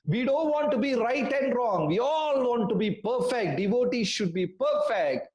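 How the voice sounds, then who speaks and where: A man telling a story in an online class for children, animated and asking the class questions. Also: very high-pitched, moderate pace, echoey room, rough recording. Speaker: storytelling teacher.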